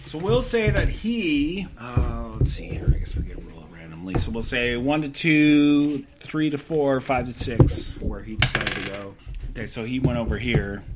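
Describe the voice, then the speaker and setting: A game master with a lively voice. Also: male voice, medium pitch, moderate pace, noisy background. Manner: laughing, loose and rambling. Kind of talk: narrating a tabletop game. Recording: crowded table chatter. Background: players chattering and laughing.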